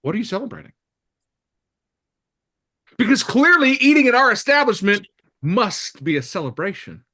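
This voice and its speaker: A man giving a live real estate training talk to a room, lively and blunt, acting out little dialogues with jokes. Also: sits high, moderate pace, pauses often.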